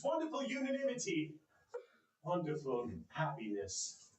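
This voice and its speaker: A man performing a theatrical one-man telling of a classic tale, animated and swinging his voice to play the characters. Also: fairly high pitch. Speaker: storyteller. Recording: echoey room.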